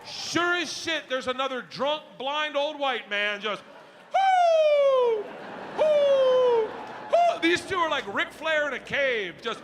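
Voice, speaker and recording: A man doing stand-up, telling a story loudly and animatedly, shouting punchlines and hooting. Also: very high voice, expressive, measured pace, hardly any pauses, over a noisy crowd, heavy background noise. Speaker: stand-up comedian. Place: comedy stage before a live audience.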